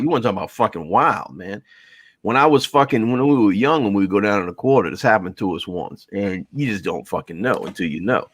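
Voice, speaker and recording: A man's voice: on the low side, a bit bright, no echo. A man telling rambling, profane stories with lots of laughter in a casual podcast chat. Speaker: guest.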